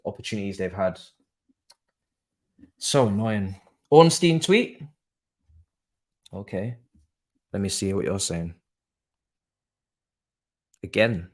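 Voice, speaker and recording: Young man, football streamer, casual and sweary, mutters then rants. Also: on the low side. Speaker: streamer hosting a football watchalong. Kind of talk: casual live-stream chat.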